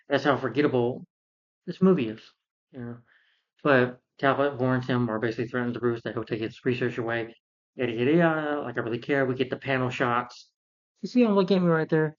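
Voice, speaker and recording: A man's voice: mid-range voice, muffled recording. A man rambling through an exasperated movie review rant, full of fillers and restarts.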